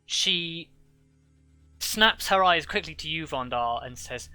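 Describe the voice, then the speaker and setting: A man running a tabletop game as game master, narrating haltingly with many restarts. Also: on the high side, animated, sharp tone, clean tone, no room sound, faint music behind. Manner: halting, full of restarts and fillers.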